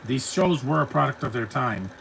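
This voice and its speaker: A man's voice: mid-range voice, lively intonation, normal speed, vocal fry, fairly bright tone, a little hiss or hum, poor audio. A man hosting a live stream, chatting casually and rambling as he reacts to a cartoon and answers his chat. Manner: chatty, rambling, laughs easily, talks back to chat.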